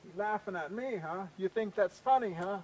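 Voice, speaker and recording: An angry, hot-tempered skunk chief from a told folk tale, as a male storyteller puts him on. He huffs and challenges, his voice pitched a little high. There is a faint hum of background noise. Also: animated, moderate pace, distant mic, lightly acted, low-quality recording. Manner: indignant, huffing, challenging.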